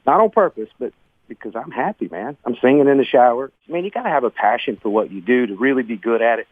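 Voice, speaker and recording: A man's voice: mid-range voice, lively intonation, fast, slightly rough. Earnest man with a tinny sound. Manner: earnest, emotional, says "man" and "bro" often. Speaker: guest, business owner. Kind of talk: conversational interview storytelling.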